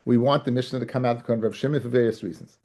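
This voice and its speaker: A man with a mid-range, slightly mellow voice talks fast with fairly even intonation as he teaches a Talmud class. He repeats key phrases, restarts to drive points home, and keeps checking that his students follow, calling them guys and fellas.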